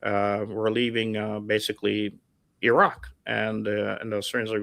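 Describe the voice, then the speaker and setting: A middle-aged man with a gravelly, rough-edged voice tells stories casually. He talks with energy, trails off into fillers and acts out the people in his stories. The sound is close and dry, with no room around it. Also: lowish voice, little pitch movement, normal speed, a bit bright, no room sound. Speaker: guest storyteller. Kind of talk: casual storytelling. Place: home setup over a livestream call. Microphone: remote call mic.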